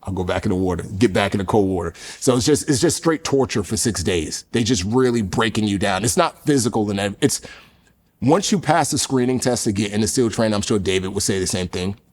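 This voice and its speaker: A former Navy SEAL trainee is a guest on a podcast, telling earnest stories casually and leaning heavily on fillers. His voice is on the low side and a little mellow, with lively intonation and a slightly fast pace.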